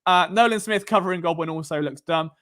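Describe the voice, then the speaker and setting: A man's voice: sits high, quick pace, fairly bright tone. An English man hosting a live sports stream, talking casually and rambling, with lots of fillers and restarts. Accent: Southern English. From England. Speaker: podcast host.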